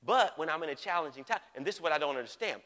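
A man preaching a sermon with animated delivery, swinging from hushed asides to shouts and often checking in with his listeners. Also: a little high, racing, long reverb tail. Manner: animated, repeatedly checks in with the audience.

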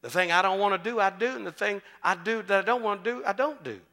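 A man preaching a storytelling sermon as pastor, animated and joking, acting out quotes. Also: high voice, quick pace.

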